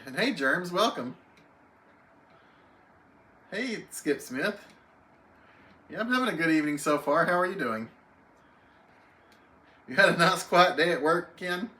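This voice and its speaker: Bright-voiced man chatting on a livestream. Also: on the high side. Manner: friendly, reads chat names aloud, chatty. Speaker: livestream host. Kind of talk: casual livestream chat greeting viewers. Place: home, alone on a live stream.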